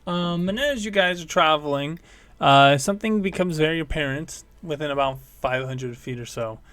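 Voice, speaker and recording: A man's voice: a little high, normal speed, fairly bright tone, clear, resonant tone. A man narrating as game master of a tabletop game, rambling, with many fillers and self-corrections.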